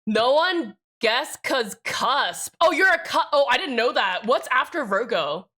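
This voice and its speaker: Bright-voiced young woman chatting on stream. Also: sits high, animated, measured pace. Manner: rambling, self-interrupting, swears freely, reads and answers chat. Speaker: livestreamer. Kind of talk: casual livestream chat while building a keyboard.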